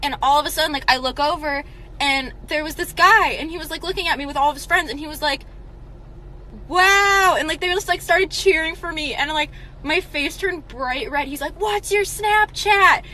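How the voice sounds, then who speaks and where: A young woman telling a casual story time in an excited, gushing way. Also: sits high, a little fast, a little hiss or hum.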